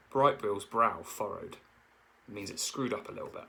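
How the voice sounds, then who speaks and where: A man's voice: fairly low pitch, normal speed, bright, forceful tone, husky, poor audio. A man, a teacher, reading a children's novel aloud and stopping to explain words.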